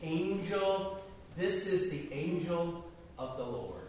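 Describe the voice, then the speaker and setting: A man's voice: on the high side, very animated, slow pace, a little mellow, far from the mic, slight background noise. A man leading a small Bible study class, asking the group questions as he teaches. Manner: conversational, asks the group questions. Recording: echoey room picked up from afar.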